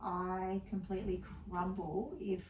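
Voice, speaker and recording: A woman's voice: on the low side, level tone, a little slow, darkish tone, lo-fi sound. Chatty woman telling rambling stories. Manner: chatty, rambling storyteller with frequent laughs. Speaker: podcast co-host. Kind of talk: casual chat. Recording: roomy, distant mic with faint background hiss.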